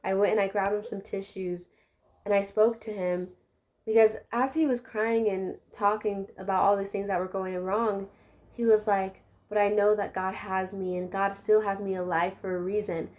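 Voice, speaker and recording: A woman's voice: medium pitch, fairly even intonation, normal speed, darkish tone. A young adult woman giving a casual, heartfelt life update to her viewers while doing her hair, talking chattily with many fillers. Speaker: vlogger.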